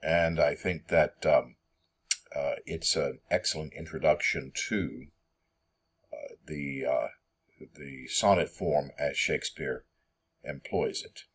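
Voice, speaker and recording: A man giving a poetry lesson, reading verse slowly and filling his explanations with ums and uhs. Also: a bass voice, slightly rough. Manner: hesitant, many ums and uhs; slow, measured reading of verse. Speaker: teacher. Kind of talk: poetry lecture.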